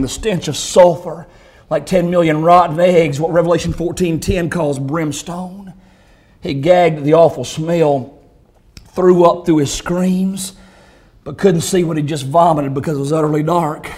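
A man preaches a vivid sermon story in a high voice. His delivery swells to intense peaks and drops low and grave. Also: steady tone, moderate pace, darkish tone, low-quality recording. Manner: intense, rising and falling delivery.

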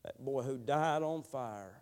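A man preaching a sermon, telling a slow, drawling testimony that builds into fervent prayer. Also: mid-range voice, a little mellow.

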